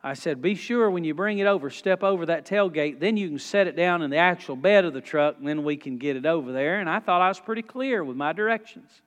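A high-voiced man in his forties preaches with folksy storytelling. He swings between soft, low asides and loud, rising peaks. His voice rings with the long reverb of a church hall. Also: expressive, fairly quick, hardly any pauses. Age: 40s. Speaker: pastor. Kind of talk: sermon with storytelling.

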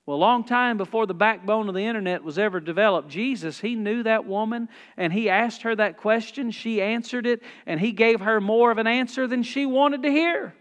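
Preacher man, high voice, folksy and punchy, church echo all around. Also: moderate pace, few pauses, clean tone. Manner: folksy, emphatic, rising to loud exhortation. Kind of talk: sermon. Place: church sanctuary. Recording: long church reverb.

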